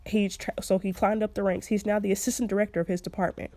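A woman's voice: medium pitch, flat delivery, fast talker, dark tone, no room sound. A young woman hosting a podcast, giving casual advice in a chatty way and laughing often. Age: young adult. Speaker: podcast host.

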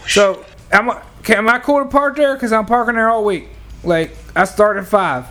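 A man's voice: high-pitched, moderate pace, sharp tone, soft background music. A man telling a long, rambling, profane story in casual podcast chat. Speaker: podcast co-host.

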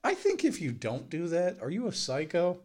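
A man's voice: on the high side, wildly swooping pitch, normal speed, a little mellow. A man co-hosting a casual podcast chat, swearing often, laughing and sarcastic. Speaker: podcast co-host.

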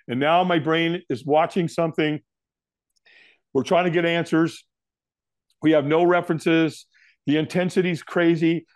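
A man's voice: no echo, clean studio sound. A middle-aged man, a guest in an interview, telling a story and acting out what people said to him. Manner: animated, acts out quotes with big pitch jumps.

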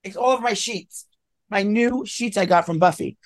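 A man's voice: high voice, moderate pace, no echo. Sleepy rambling man on a casual podcast. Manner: rambling, full of "like" and "um", sleepy and yawning. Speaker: podcast co-host. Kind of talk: casual chat.

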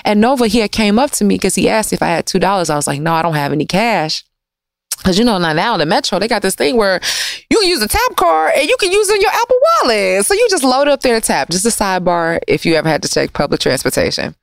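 A woman's voice: big pitch swings, quick pace, vocal fry, no room sound. Candid woman telling a story, dry studio sound. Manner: candid, reflective, swings in pitch and pace for emphasis. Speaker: vlogger recounting a personal story. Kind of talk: casual storytelling monologue. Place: recording studio.

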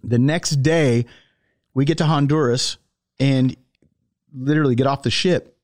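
Man, podcast host, laid-back chat, animated storyteller, mid pitch, dry recording. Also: no echo. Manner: animated storyteller, laughs often.

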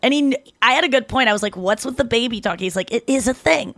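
A Canadian woman co-hosting a podcast, telling stories in casual chat with lots of "like" and quick self-corrections. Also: on the high side, fairly bright tone, dry recording. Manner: chatty storytelling, heavy use of "like", quick self-corrections. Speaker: podcast co-host.

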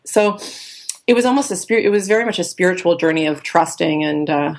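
A woman life coach telling her story in a casual interview, animated and chatty, acting out the voices of people she quotes. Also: lowish voice, brisk, a little hiss or hum. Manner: animated storyteller who acts out quoted dialogue; chatty, with many fillers and restarts.

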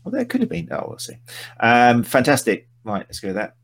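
A man's voice: medium pitch, huge pitch swings, brisk. A man hosting a casual live-stream chat, teasing and rambling with his guest. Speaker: podcast host.

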